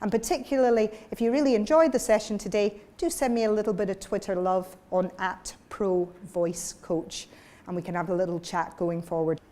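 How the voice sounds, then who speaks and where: A woman communications coach giving a workshop lecture, lively and demonstrative with her audience. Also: medium pitch, normal speed.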